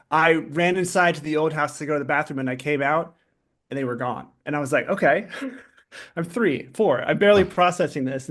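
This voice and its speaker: Animated middle-aged man telling his story. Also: fairly high pitch. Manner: fast, animated, self-interrupting with many fillers. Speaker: podcast guest. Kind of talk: candid personal storytelling.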